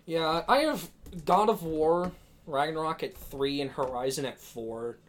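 A man co-hosting a casual podcast, ranting in an animated way and swearing freely. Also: fairly high pitch, unhurried. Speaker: podcast co-host. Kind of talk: casual chat.

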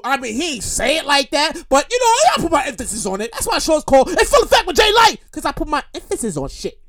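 High, lively man ranting on his show. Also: rapid-fire, few pauses. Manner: rambling, repetitive, animated outbursts. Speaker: podcast host. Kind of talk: comedic solo monologue.

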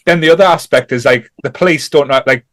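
A man's voice: a little high, quick pace, a bit bright. A man co-hosting a casual film chat, rambling through scene recaps. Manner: rambling, recounts scenes with acted quotes. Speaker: podcast co-host.

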